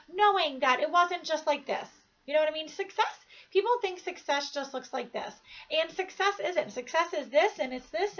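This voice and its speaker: A woman's voice: high-pitched, pushed and bright, muffled recording. A woman in her thirties giving an earnest, emphatic motivational talk, repeating phrases to drive home her point. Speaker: motivational speaker.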